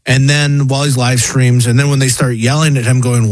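A man's voice: medium pitch, level tone, fairly quick, few pauses, no room sound. A man co-hosting a casual talk show, explaining and correcting details and mimicking what people say. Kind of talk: casual commentary chat.

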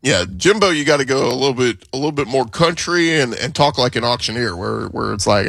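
A man's voice: medium pitch, animated, a little fast, gravelly, few pauses, a bit bright, no room sound, studio quality. A man co-hosting a morning sports talk radio show, speaking in a casual, wry, joking way.

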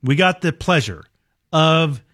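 A man hosting a morning radio show, goofy and playful, often breaking into shouts and sing-song lines. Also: a little high, animated, slow, dry recording, clean studio sound. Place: radio studio. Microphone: studio mic.

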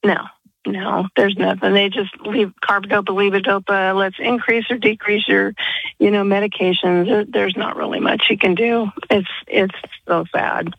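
A woman's voice: mid-range voice, little pitch movement, moderate pace, vocal fry, slightly rough, dry recording. A woman in her sixties calling in to a radio show, telling a sad story earnestly. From Arizona. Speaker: caller. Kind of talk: phone-in call. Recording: muffled phone line.

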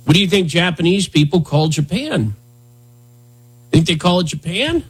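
A man's voice: sits high, very animated, normal speed, husky. A man in his thirties hosting a podcast in casual comedic chat, sarcastic and rambling with jokey asides. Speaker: podcast host.

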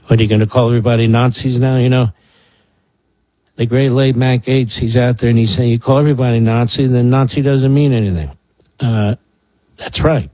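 A husky, slightly breathy man in his sixties hosts a political talk radio show from a dry, close studio mic. He is from the Philadelphia area and delivers sarcastic, mocking commentary, often throwing remarks to his producer. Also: mid-range voice, brisk, mellow, no room sound. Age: 60s.

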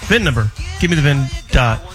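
A man's voice: medium pitch, animated, a little fast. A man hosting a talk radio show, joking with guests and rattling off a call-in number in a sing-song way. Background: music.

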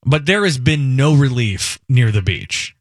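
A man's voice: mid-range voice, big pitch swings, unhurried, no echo, studio quality. A man from Indiana hosting a casual talk show, rambling and joking at his own expense. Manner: rambling, self-mocking, joking. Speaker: radio host.

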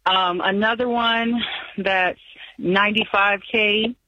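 A woman's voice: medium pitch, steady tone, takes it slowly, bright, forceful tone, no room sound. Anxious lady calling in, rambles a lot, nervous laughs, muffled dull phone line. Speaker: caller. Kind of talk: phone-in call.

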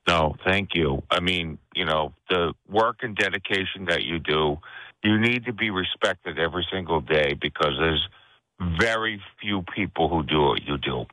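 A man's voice: sits low, moderate pace, bright, forceful tone, dry recording, rough recording. A man calling in to a radio show, talking eagerly and effusively. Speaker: caller. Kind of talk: radio call-in.

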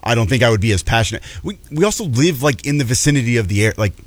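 A man's voice: medium pitch, expressive, quick pace, no room sound. Hesitant man co-hosting sports radio. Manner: hesitant, stammering restarts. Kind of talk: sports talk radio banter.

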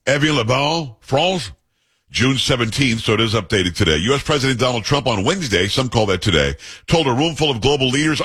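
A man's voice: mid-range voice, a bit bright, slightly rough. A man hosting a talk radio show, reading news aloud and giving emphatic, opinionated commentary while joking with his co-hosts.

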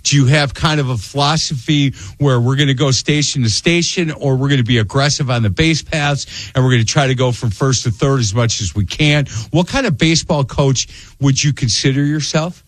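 A man's voice: mid-range voice, brisk, dry recording. A middle-aged man hosting a radio interview show, telling stories animatedly. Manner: animated storyteller, acts out voices in anecdotes.

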